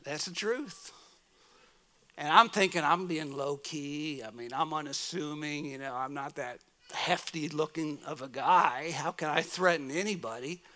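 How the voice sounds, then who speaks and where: A middle-aged American man giving a sermon as guest preacher, telling a story and swinging from soft murmurs to loud exclamations. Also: on the high side, a little slow. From United States. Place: church.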